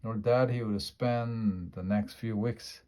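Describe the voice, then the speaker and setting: A man reading a children's book aloud, slow and careful with small slips. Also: on the low side, steady tone, dark tone. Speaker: storybook reader.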